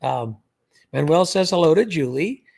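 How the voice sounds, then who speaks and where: Gravelly-voiced man chatting on a livestream. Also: on the high side, expressive, moderate pace, darkish tone. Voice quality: gravelly, husky. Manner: chatty, reads comments aloud, laughs often. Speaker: livestream host, scam baiter. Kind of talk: casual livestream chat.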